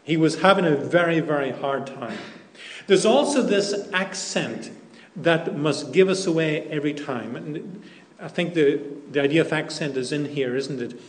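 A man preaching a sermon, deliberate and emphatic, repeating key phrases for weight. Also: fairly high pitch, animated. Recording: echoey room.

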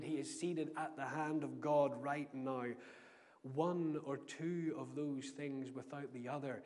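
A man delivers a sermon from the front of a church, moving between scripture, prayer and warm family anecdotes in an earnest, story-led manner. His voice sits at an ordinary male pitch and trails off into a long hall reverb. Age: adult with a young son. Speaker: preacher. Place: church sanctuary.

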